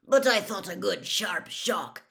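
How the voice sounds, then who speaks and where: A woman voicing a gruff, menacing old male wizard in a storybook reading, with a low, gravelly, growling delivery. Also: expressive, fairly bright tone. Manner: blunt, growling threats, drawn-out stress.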